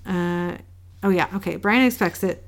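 Female co-host, gravelly, low-key, reads dialogue flat in a casual recap. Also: moderate pace. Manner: reads quoted lines in a flat, low-key way with small laughs. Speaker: podcast co-host recapping an episode.

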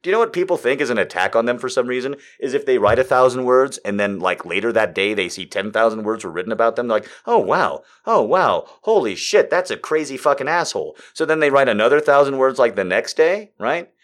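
A man hosting a live show in a casual, rambling, sardonic way, swinging between loud bursts and quiet asides. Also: mid-range voice, fast, few pauses. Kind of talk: casual live-stream chat.

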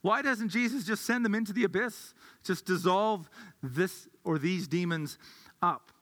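A man's voice: sits high, a little slow, a bit bright. A male pastor giving a sermon in a conversational way, thinking aloud with restarts, heard in an echoey hall.

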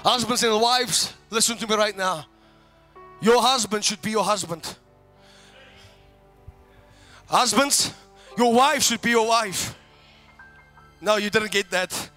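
Male preacher, very high forceful voice, impassioned sermon, faint music underneath. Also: unhurried, long pauses. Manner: impassioned, swings from hushed to shouting. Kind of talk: fiery sermon.

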